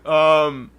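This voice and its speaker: Animated, foul-mouthed young man telling stories. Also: high voice. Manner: animated, profane, laughs often. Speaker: podcast host. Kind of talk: casual storytelling. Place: home livestream setup.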